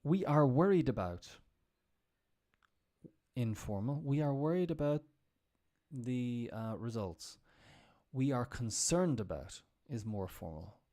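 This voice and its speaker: A man teaching English on a live stream, talking through example phrases in a relaxed, explaining way. His voice is mellow and rather dark, at an ordinary pitch. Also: takes it slowly, pauses often. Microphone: computer mic on a live stream.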